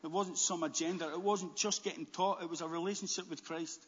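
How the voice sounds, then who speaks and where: A man preaching a sermon as pastor, animated, with stammered restarts and bursts near a shout. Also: a little high, fairly quick, husky. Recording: dull, long-echo church hall.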